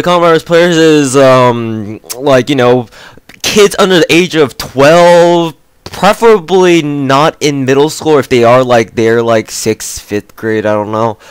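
A man's voice: medium pitch, clean tone, no room sound. A man giving casual, rambling commentary over a shooter game, swearing freely and filling his talk with fillers and restarts. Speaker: gameplay commentator.

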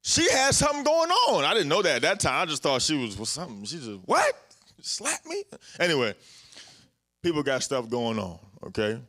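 A man's voice: on the high side, very animated, brisk, pushed and bright. Man preaching casually. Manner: casual, conversational preaching with anecdotes and repetitions. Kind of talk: sermon.

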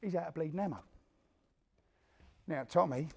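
A man's voice: a little high, moderate pace, creaky, breathy edge. A man playing an East End career criminal in a one-man stage play, telling his violent story in coarse, swearing East London street talk and acting out what others said. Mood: gritty. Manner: animated storyteller who acts out the quotes of others. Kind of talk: theatrical monologue to a live audience.

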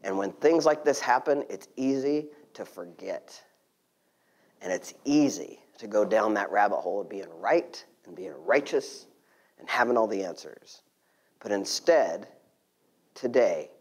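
Male guest speaker, casual sermon delivery, shifts between loud and hushed. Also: on the low side, expressive, unhurried. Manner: conversational, laughing, dropping to a hushed near-whisper.

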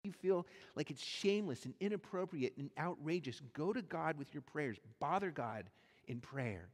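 A male pastor preaching a sermon, animated and acting out the voices in the stories he tells. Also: a little high, normal speed. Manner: animated, acts out quoted voices in his storytelling. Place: church sanctuary. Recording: long church hall reverb.

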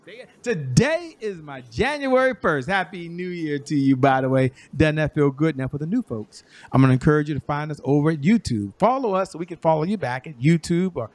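A man's voice: a little high, fast talker, hardly any pauses, a little mellow, no echo. A man hosting a talk show, upbeat and speaking straight to the viewers. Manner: upbeat, addresses viewers directly.

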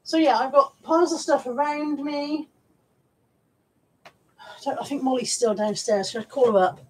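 A woman's voice: high-pitched, moderate pace, darkish tone. A woman, hosting a casual livestream from home, chatting informally with viewers, reading out their comments and swearing now and then. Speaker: livestream host. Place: at home with piles of stuff around her.

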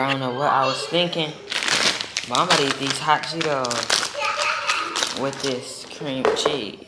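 A young man from near Houston, Texas, vlogging casually at home with playful, rambling slang. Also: medium pitch. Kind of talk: casual vlog talk. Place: house indoors. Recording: echoey room with loud background noise.

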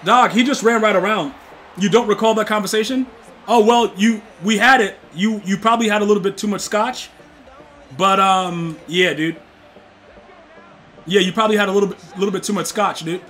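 A young man streaming a football video game, talking slangy trash to his chat and yelling at plays. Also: high voice, fairly even intonation, normal speed, a little hiss or hum. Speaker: gaming streamer. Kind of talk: live game stream commentary.

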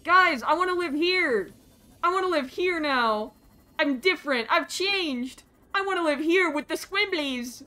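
A woman with a higher, very bright voice chats through a live game stream. She bounces between squealing greetings, quick asides and sudden swearing. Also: expressive. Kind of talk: live gameplay stream chat.

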